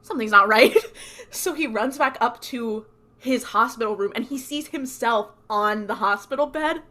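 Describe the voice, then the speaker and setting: A woman's voice: on the high side, measured pace. Chatty young woman recapping a show. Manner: animated storytelling, fills speech with "like". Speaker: podcast co-host. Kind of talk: casual podcast recap.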